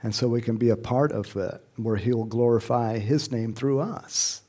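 A man's voice: mid-range voice, fairly even intonation, normal speed, dark tone. Man preaching, middle-aged, conversational, chuckles, emphatic rising questions. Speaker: pastor. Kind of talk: sermon.

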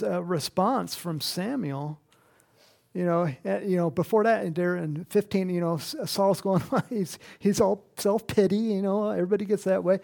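A man's voice: high-pitched, gravelly. A male preacher delivering a sermon and reading scripture, talking animatedly with frequent chuckles and rhetorical questions.

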